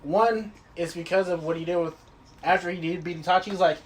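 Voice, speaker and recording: A young man in a casual podcast chat, quickly and crudely retelling a scene. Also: sits high, fairly even intonation, noisy background.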